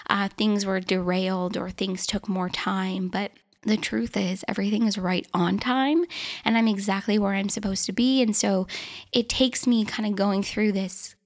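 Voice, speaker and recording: A woman's voice: medium pitch, steady tone, normal speed. A woman in her twenties hosting a solo podcast episode, talking earnestly and encouragingly to her listeners. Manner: earnest, encouraging, self-reflective. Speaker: podcast host.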